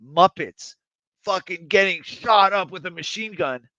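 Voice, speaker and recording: Guy rambling on a podcast, cusses a lot, laughs easy, bright voice, kinda muffled dry sound. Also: sits high, unhurried, no echo. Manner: rambling, swears freely, laughs often. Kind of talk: casual chat.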